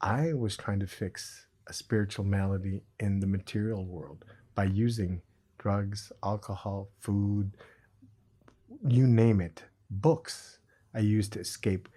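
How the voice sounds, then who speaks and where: A middle-aged man talking about recovery as a podcast guest, earnest and reflective with a dry sense of humor, in a husky voice. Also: fairly low pitch, fairly even intonation, slow pace, dark tone. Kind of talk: reflective conversation.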